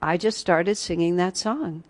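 A woman's voice: on the low side, measured pace. A woman teaching a retreat class, telling stories and breaking into snatches of song. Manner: storytelling, breaks into sung snatches and laughs. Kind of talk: spiritual class talk.

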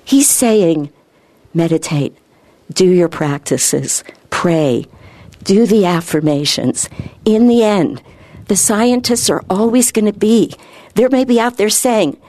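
A woman giving an informal spiritual talk, earnest and rambling, her voice lifting higher when she gets excited. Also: takes it slowly, dry recording. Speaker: spiritual speaker.

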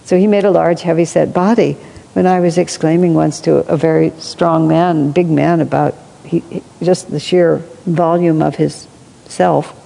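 A woman telling stories in a reflective spiritual discussion, thoughtful, with asides and soft laughs. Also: sits low, steady tone, moderate pace, creaky. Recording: long hall reverb.

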